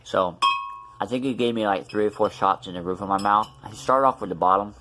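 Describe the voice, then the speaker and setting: A man's voice: fairly low pitch, fairly quick, noisy background. A man vlogging casually about his tooth extraction, rambling with many fillers and restarts, his mouth still numb. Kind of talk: casual storytelling vlog.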